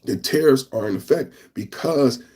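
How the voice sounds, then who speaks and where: A man's voice: mid-range voice, animated, moderate pace, a little mellow, slightly rough. A man hosting a live news reaction podcast, rambling and talking straight to his chat, repeating phrases and tacking on "man.". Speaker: podcast host.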